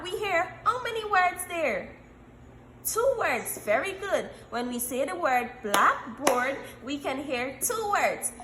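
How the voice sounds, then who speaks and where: A woman teaching young children a phonics lesson, encouraging them and repeating letter sounds slowly. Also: sits high, bright, forceful tone, roomy sound, a little hiss or hum. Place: classroom.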